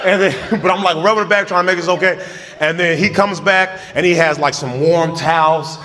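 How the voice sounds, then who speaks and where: A man doing storytelling stand-up, animated and laughing at his own story, with loud acted-out outbursts. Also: a little high, fairly quick. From United States. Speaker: stand-up comedian. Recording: live venue with long reverb and faint noise.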